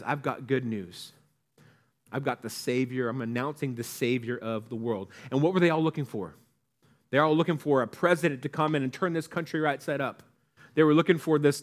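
Man, pastor, sermon, conversational, slightly high voice. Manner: conversational, asks the congregation questions, acts out quotes.

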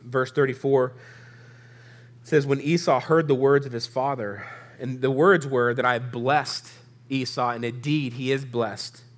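A man's voice: mid-range voice, fairly even intonation, measured pace. A man preaching a sermon, reading scripture aloud and explaining it in a loose, conversational way, with a stuffy, sniffling nose. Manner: casual, conversational Bible teaching with asides to the audience.

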